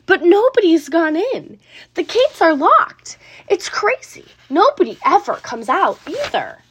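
A crowd of amazed townspeople, played by a woman reading aloud, crying out high and loud. Their voices jump about with excitement in this storybook. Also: a little slow, heavily acted. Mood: excited. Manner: shouting, excited.

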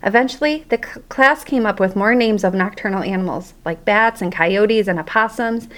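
This is a children's audiobook narrated by a woman of medium pitch. Her storytelling is animated and expressive.

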